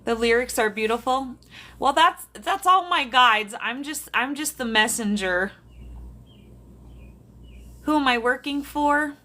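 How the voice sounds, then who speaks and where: A chatty woman from South Dakota hosts a casual livestream from her bedroom. Her voice sits a little high and sounds bright and forward. She laughs often and talks straight to her viewers, picked up by a camera on a tripod. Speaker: livestream host, medium. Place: bedroom at home. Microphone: phone or camera on a tripod.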